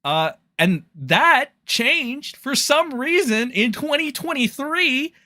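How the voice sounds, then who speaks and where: A man's voice: extremely high pitch, very animated, slow, bright, forceful tone, no room sound, clean studio sound. Man ranting profanely on a livestream. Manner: profane, heated, exasperated outbursts. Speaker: livestream commentator.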